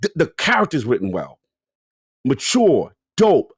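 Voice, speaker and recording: An animated man co-hosting a gaming podcast tells a long story in casual chat at an unhurried pace. His pitch swings widely as he acts out his own reactions, and his voice has a breathy edge. The sound is dry and close.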